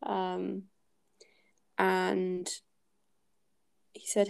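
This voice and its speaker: A woman's voice: mid-range voice, flat delivery, unhurried, gravelly, long pauses, darkish tone. A woman hosting a casual book-club podcast, thinking aloud and hesitating with many fillers as she talks through a chapter.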